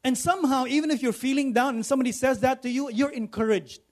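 A man's voice: extremely high pitch, quick pace. A man preaching a sermon, repeating phrases for emphasis and calling for responses from the congregation. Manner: preaching with rising emphatic repetition. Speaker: pastor.

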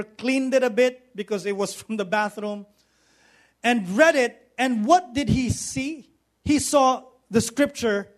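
A man preaching a sermon, telling a story in a conversational way and often asking the audience questions. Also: sits high.

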